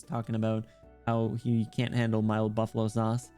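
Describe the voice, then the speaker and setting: A man's voice: lowish voice, flat delivery, moderate pace, mellow, clear, resonant tone, faint music behind. A man streaming and chatting casually with his viewers, rambling and poking fun at himself. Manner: rambling, self-deprecating, joking.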